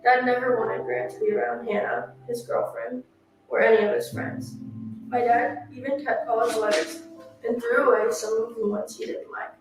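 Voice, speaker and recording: A woman narrating for a true-crime channel, reading a written statement aloud in a steady, earnest way. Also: a little high. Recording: echoey and distant, music behind. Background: music.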